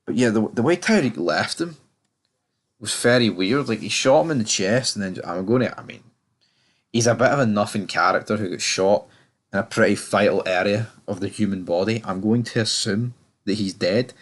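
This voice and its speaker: A man's voice: lowish voice, animated, normal speed. A young man giving a casual, rambling review of a TV episode, often stammering and restarting, sounding exasperated. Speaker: TV review channel host.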